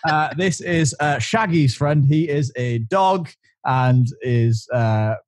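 A man's voice: on the high side, background noise. Male co-host giving quiz clues, hesitant and filler-heavy. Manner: halting, many "uh" fillers. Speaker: podcast co-host.

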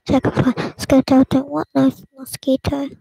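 High-pitched woman reading a script flatly. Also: moderate pace, creaky, dry recording, poor audio. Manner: stumbling read-through with restarts and whispered asides. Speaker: channel host. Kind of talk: casual reading of a film script.

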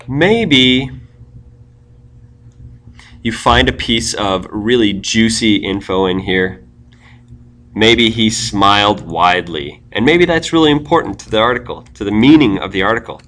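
A man's voice: on the low side, fairly bright tone. A man giving a screencast tutorial on web pages, explaining step by step and thinking aloud as he types.

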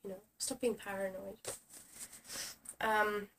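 A woman's voice: mid-range voice, fairly even intonation, slow pace, a bit bright. A young woman who is sick, ranting sarcastically in a casual vlog and swearing often. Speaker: vlogger. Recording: distant camera mic with faint hiss.

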